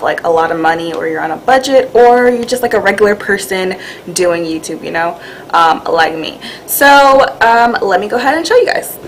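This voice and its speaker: A woman's voice: mid-range voice, slight background noise, low-quality recording. A woman vlogger giving a casual tour of her home office and filming room, chatty and loose with lots of fillers. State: out of breath. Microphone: camera-mounted mic.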